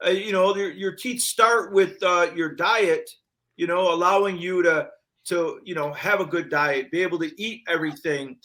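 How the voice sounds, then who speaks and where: Bright-voiced older man chatting. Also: high voice, normal speed. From upstate New York. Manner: chatty, full of fillers and restarts. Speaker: podcast co-host. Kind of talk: casual chat.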